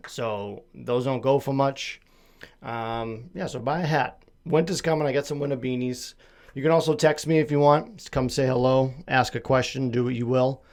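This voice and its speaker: A man's voice: mid-range voice, fairly even intonation, normal speed, darkish tone. A man from Massachusetts hosting a solo podcast, chatting casually in a rambling, self-deprecating, jokey way with a slight lisp. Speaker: podcast host.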